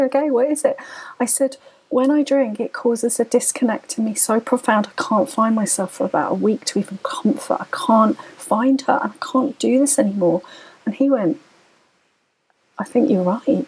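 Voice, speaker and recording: A woman's voice: medium pitch, a little mellow, slightly rough, rough recording. A woman, a podcast guest, earnestly telling a personal story in tumbling phrases full of restarts.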